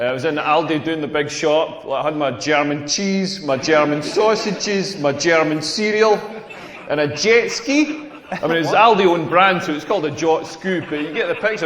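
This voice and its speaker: A self-deprecating Scottish comic of about forty, played by a man in a game, rambling through his anecdotes in a voice pitched rather high. His set rings out in an echoey hall with a long reverb tail. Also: fairly bright tone, lightly acted. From Scotland. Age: 40s. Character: self-deprecating tall Scottish male comedian, around forty. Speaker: stand-up comedian. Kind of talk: stand-up comedy set in a video game.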